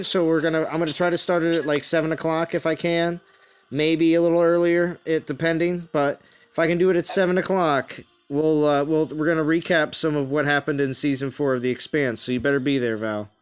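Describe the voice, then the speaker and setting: A man hosting a relaxed game live stream with a smooth, clear voice pitched a bit high. He rambles along, piling on fillers and restarting his sentences. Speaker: game livestream host. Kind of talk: casual live stream chat.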